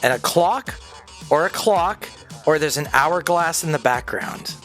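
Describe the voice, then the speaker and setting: A man with a fairly high voice rants through a casual livestream chat, cursing freely and slipping into voices for the people he quotes. Faint music plays under his talk. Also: lively intonation, measured pace, a bit bright. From Canada. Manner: profane, ranting, acts out quoted people. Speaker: streamer. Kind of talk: casual rant while gaming.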